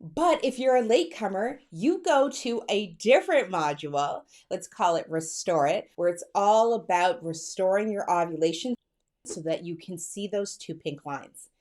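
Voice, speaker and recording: A woman coach speaking close to the mic in a lively, personal vlog style. Her voice sits at an everyday middle pitch. She sounds excited and chatty, and she keeps calling her listeners girl and sis. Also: moderate pace. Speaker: fertility coach. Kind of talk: direct-to-camera coaching talk.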